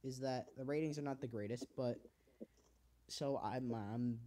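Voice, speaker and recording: A man's voice: mid-range voice, measured pace, mellow. A teenage man hosting a podcast, talking in casual, heartfelt rambles full of fillers and swearing. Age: teens. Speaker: podcast host. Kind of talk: casual chat.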